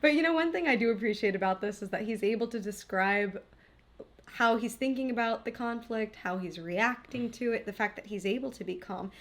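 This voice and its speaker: A woman's voice: a little high, brisk. A woman co-hosting a relationship coaching podcast talks in a reflective, encouraging way and laughs along readily. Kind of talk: casual podcast chat.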